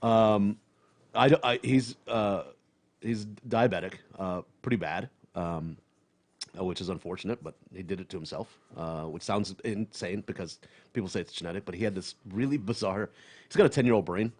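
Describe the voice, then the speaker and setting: A stand-up comedian in casual podcast chat, blunt and profane, laughing often and trailing off with fillers. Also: male voice, sits low, normal speed, a little mellow.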